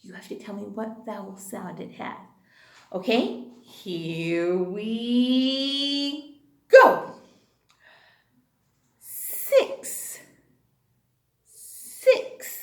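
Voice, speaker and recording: A woman's voice: mid-range voice, very slow, long pauses, reverberant. A woman teaching a kindergarten class, talking in a sing-song way with exaggerated enunciation, prompting and praising the children. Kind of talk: online class for young children.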